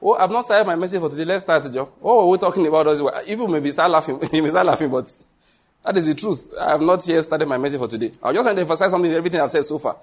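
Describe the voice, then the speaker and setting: A man's voice: on the high side, racing. A man preaching a sermon as pastor, emphatic, full of repetition and rhetorical questions.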